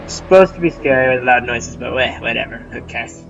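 A man giving casual, rambling, self-mocking let's-play commentary at home, with sudden loud outbursts. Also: mid-range voice, brisk, vocal fry, muffled recording. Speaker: gamer. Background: game music.

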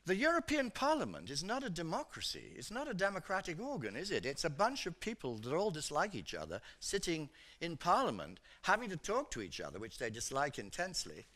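A man's voice: on the high side, wildly swooping pitch, brisk, hardly any pauses, pushed and bright. An older man from Britain, an economics professor giving a chatty seminar lecture, full of "you know" fillers.

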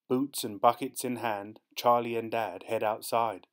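Man narrator, children's picture book read-aloud, steady and clear. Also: medium pitch, measured pace, few pauses. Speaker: storybook narrator.

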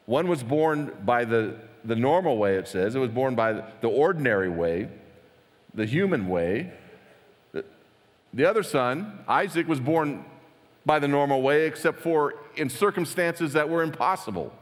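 A man preaching to his congregation in a relaxed, conversational way, with a mid-pitched voice that swings widely up and down as he acts out the figures in the story. His voice rings with the long reverb of a big church hall. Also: moderate pace. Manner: animated, conversational preaching with acted-out quotes. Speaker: pastor. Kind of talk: sermon.

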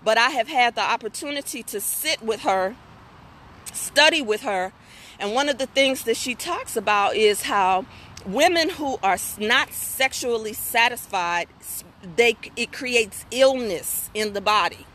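Candid, bright-voiced woman hosting a live stream. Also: fairly high pitch, unhurried, slight background noise. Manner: candid, folksy, animated storytelling with asides to viewers. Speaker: host of a women's talk stream. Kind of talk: casual live-stream talk, reading viewer comments.

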